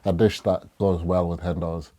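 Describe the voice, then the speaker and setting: A man's voice: low-pitched, little pitch movement, normal speed, dark tone. A man from Jamaica, a musician guest on a podcast, chatting casually with lots of fillers and laughter. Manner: laid-back, laughs often, frequent fillers.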